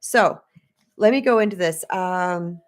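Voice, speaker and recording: A woman's voice: lowish voice, a little slow. A woman in her fifties from the United States, a spiritual coach telling a personal story to live viewers in a candid, chatty way and acting out the voices she quotes.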